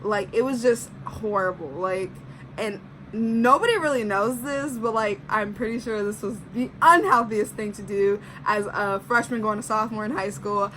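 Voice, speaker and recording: Bright-voiced young woman telling a story. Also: fairly high pitch, slight background noise, rough recording. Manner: chatty, heavy use of "like", acts out quotes. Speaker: vlogger. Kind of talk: casual storytime.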